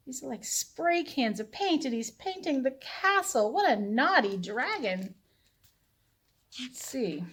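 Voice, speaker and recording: A woman librarian reading a picture book aloud to children in a playful, animated storytelling voice. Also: on the high side.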